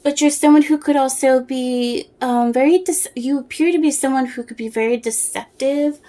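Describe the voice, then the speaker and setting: Rambling soft-spoken tarot reader woman. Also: high-pitched, normal speed. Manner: rambling, searching for words, many fillers and restarts. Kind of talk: casual tarot reading to camera.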